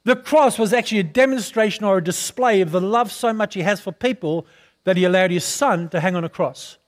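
A male pastor preaching a sermon who keeps putting questions to the congregation and asking for an amen, clearing his throat now and then. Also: sits high, brisk. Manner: calls for responses from the congregation, often asks questions.

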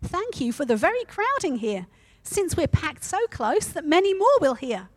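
A woman preacher voicing a calm, faithful older sister who speaks serenely and matter-of-factly while reading a story aloud. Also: sits high, moderate pace, dry recording, pitched above the performer's own voice.

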